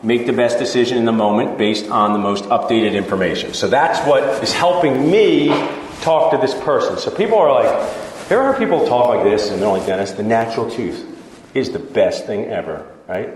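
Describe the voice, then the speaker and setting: A man's voice: mid-range voice, animated, fairly quick, a little hiss or hum. A man, a dentist, giving a casual, joking conference talk to dental students and acting out chats with patients. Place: large lecture hall. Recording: echoey hall with long reverb.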